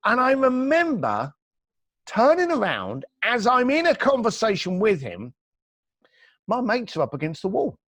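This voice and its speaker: An entrepreneur guest on a podcast speaks in a high-pitched voice that swoops wildly, a little slow and a bit bright, with no echo. He tells animated stories and gives blunt advice, acting out quoted dialogue along the way.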